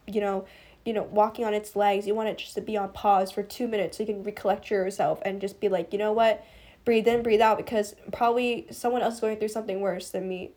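A young woman from the US East Coast hosts a podcast, offering casual, rambling advice to listeners she addresses as "guys." Her voice is fairly high with a darkish tone, and her speech is packed with "like" and "you know."

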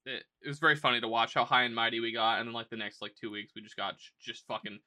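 A young man co-hosting a podcast, telling animated stories in a casual, profane way. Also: mid-range voice, fast. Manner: animated storytelling, lots of swearing. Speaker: podcast co-host. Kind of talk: casual chat.

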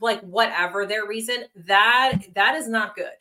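A woman co-hosting a podcast, giving blunt opinions in casual chat and swearing freely. Her voice is bright and forceful, at a middling pitch. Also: moderate pace, poor audio. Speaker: podcast co-host.

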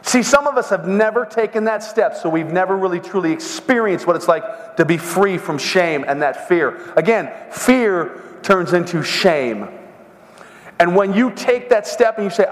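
A middle-aged man telling a story and preaching to a men's seminar, with animated, dramatic storytelling. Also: sits high, moderate pace. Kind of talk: sermon with storytelling. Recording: long hall reverb.

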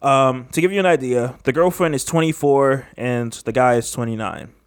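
A man's voice: mid-range voice, normal speed, smooth, dry recording, studio quality. A young man hosting a casual podcast, laid-back, laughing often and stumbling when he reads aloud. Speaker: podcast host.

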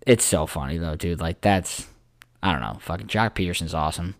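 Low-voiced, profane rambling podcast guy. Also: a little fast, no room sound, clean studio sound. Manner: rambling, profane, lots of "like" fillers. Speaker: podcast co-host. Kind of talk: casual sports chat.

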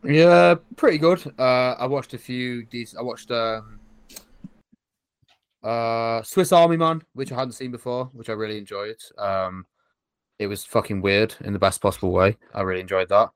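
A man's voice: medium pitch, normal speed, smooth, dry recording. Hesitant man in casual podcast chat. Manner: rambling, hesitant, with many restarts. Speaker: podcast co-host.

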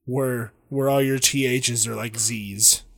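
A man's voice: mid-range voice, fairly even intonation, takes it slowly, no echo, clean studio sound. Rambling, jokey man in casual chat. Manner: rambling, jokey, many fillers and restarts.

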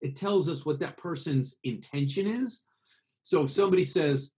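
A man from America being interviewed about singing, explaining with lively examples and acted-out voices. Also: fairly high pitch, moderate pace. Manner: expressive, acts out voices to make points. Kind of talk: conversational interview over a call.

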